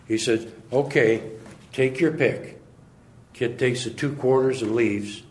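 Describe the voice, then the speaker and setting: Animated and acting out voices, an older sales trainer and speaker delivers jokes and humorous stories to an audience at a slow pace and medium pitch. The room is echoey, with faint noise in the background.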